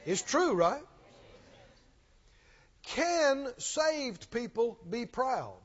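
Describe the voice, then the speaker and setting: A man's voice: extremely high pitch, very animated, drawn-out words, fairly bright tone. A man preaching a sermon in a church, emphatic and questioning, often repeating his lines. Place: church sanctuary. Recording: dull recording with long hall reverb.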